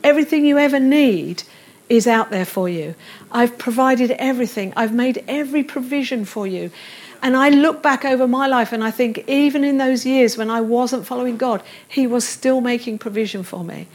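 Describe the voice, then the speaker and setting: Middle-aged woman preaching, earnest and tender, kinda high voice. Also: normal speed. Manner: earnest, reads scripture aloud with quiet tender emphasis. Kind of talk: sermon.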